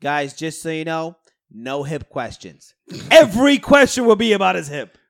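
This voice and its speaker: A man's voice: a little high, normal speed, gravelly, no echo, studio quality. A man co-hosting a casual sports podcast, joking and swearing as he argues his points. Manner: joking, animated, swears freely. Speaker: podcast co-host.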